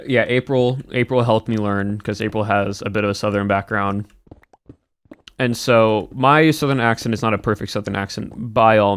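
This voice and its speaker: A man's voice: fairly low pitch, a bit bright. A man streaming live, chatting casually and rambling while he answers his chat.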